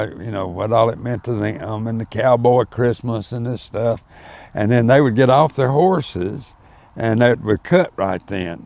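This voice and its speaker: A man's voice: fairly low pitch, vocal fry, darkish tone, no room sound. An older man, telling folksy, rambling stories as an interview guest. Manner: rambling, folksy storyteller with many fillers. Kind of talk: storytelling in casual chat.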